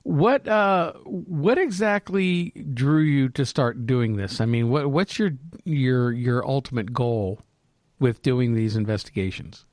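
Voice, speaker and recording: A man's voice: mid-range voice, slow pace, a little mellow, no echo, clean studio sound. An American man co-hosting a casual interview, stumbling and restarting his questions. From United States. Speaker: podcast co-host.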